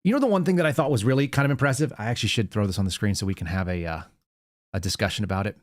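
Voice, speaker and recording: A man's voice: lowish voice, rapid-fire, no room sound, studio quality. A man hosting his own show, talking casually in a monologue and often repeating words as he restarts. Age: adult with young child. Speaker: podcast host.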